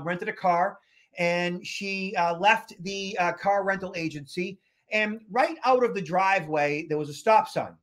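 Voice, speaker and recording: A man's voice: high voice, a bit bright. A man from the Boston area hosting a podcast, telling a story casually with lots of fillers and restarts. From Boston area, USA. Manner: chatty, many fillers and restarts. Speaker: podcast host, security expert.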